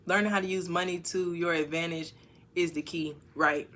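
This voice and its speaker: A woman on a casual livestream, reading viewer comments aloud and answering them frankly, with sudden loud bursts. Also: on the low side, fairly even intonation, moderate pace. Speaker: YouTuber answering live chat. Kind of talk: casual live-stream chat.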